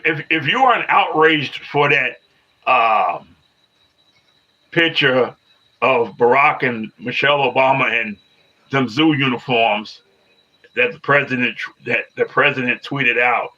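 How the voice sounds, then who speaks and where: A livestreamer in his fifties chats live with viewers in a medium-pitched, bright, forceful voice at a measured pace, and the recording is muffled. He repeats himself, restarts phrases and argues back at commenters.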